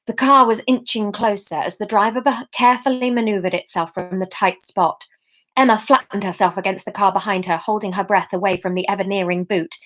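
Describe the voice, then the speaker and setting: A woman's voice: medium pitch, steady tone, a little fast, a bit bright. A woman reading her own serialized story aloud on a live stream, chatting with viewers between passages with self-mocking asides.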